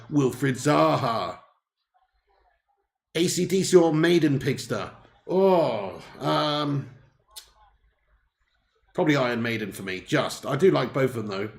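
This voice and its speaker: With a creaky, mid-range voice, this host runs a live football watch-along, trading jokes with viewers, laughing often and chatting between commentary.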